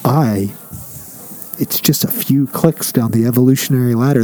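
Man, podcast co-host, wry, mellow tone, dry close sound. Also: medium pitch, moderate pace, no echo. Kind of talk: casual chat.

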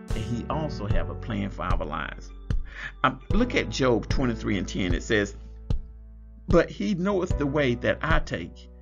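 A man's voice: mid-range voice, gravelly, lo-fi sound. A man preaching a Bible study sermon, reading scripture aloud and explaining it, drawing out words for emphasis.

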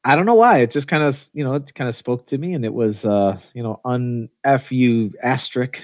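Male podcast co-host, mid pitch, loose rambling delivery with fillers, dry close sound. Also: big pitch swings, fast talker, no room sound. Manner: rambling, many fillers and restarts. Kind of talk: casual chat.

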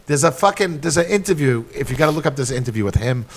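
A man's voice: on the high side, lively intonation, fast talker. A man co-hosting a casual podcast, rambling and swearing constantly as he tells stories. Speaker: podcast co-host. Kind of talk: casual profane chat.

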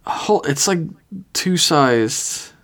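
A man co-hosting a podcast in relaxed, casual chat, swearing freely. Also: a little high, very slow. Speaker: podcast co-host.

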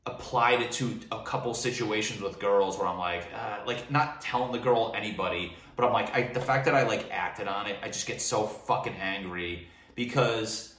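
A young man rants in a loose, rambling monologue, swearing freely and working himself up as he talks. His voice sits a little low. The sound is roomy and echoey, picked up from some distance off the mic. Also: moderate pace, fairly bright tone. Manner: profane, heated and rambling. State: drinking wine. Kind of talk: casual monologue vent.

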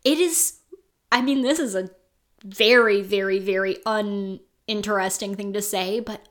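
A woman co-hosting a podcast in casual chat, animated and emphatic, swearing freely. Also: mid-range voice, measured pace. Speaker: podcast co-host.

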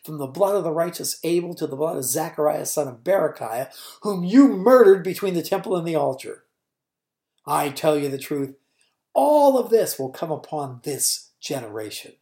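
A woman voicing a stern, grieving man who loudly denounces religious leaders, in a forceful, declaiming way. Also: low voice, roomy sound.

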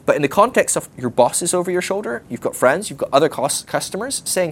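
A man teaching a conversational, animated sermon with casual slang. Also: high voice, a little fast, vocal fry, slight background noise. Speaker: preacher.

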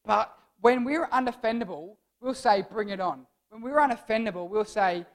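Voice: mid-range voice, normal speed, few pauses. A young adult giving a casual, jokey youth sermon as a church speaker, rambling and playful.

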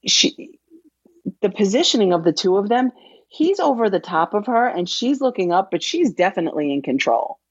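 A woman's voice: mid-range voice, sing-song, moderate pace, slightly rough, dry recording, highs cut off. A middle-aged woman, a former English teacher, talking as a podcast guest in a blunt, emphatic, profane way, explaining like a teacher. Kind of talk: casual podcast chat.

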